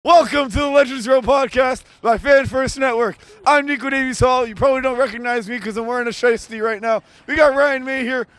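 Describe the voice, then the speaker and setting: A man hosting a casual sports podcast outdoors in the freezing cold, joking, loud and excitable. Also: very high-pitched, brisk, few pauses, no room sound. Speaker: podcast host.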